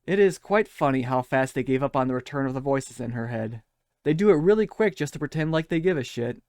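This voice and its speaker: A man's voice: a little high, no echo, studio quality. A man giving scripted, sarcastic commentary as a show critic, scathing, mocking and profane.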